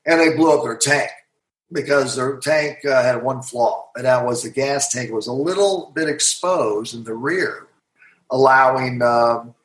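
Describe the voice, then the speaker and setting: A man's voice: mid-range voice, a little slow. A man, a guest author and hypnotherapist, recounting a client's session in an interview and voicing both sides of the exchange. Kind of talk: storytelling in a podcast interview. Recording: roomy echo.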